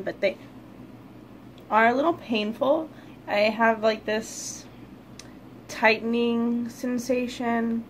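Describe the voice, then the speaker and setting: A woman vlogging to camera in a casual way, out of breath, halting and searching for words as she restarts her sentences. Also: on the high side, a little hiss or hum. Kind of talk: casual vlog talking to camera.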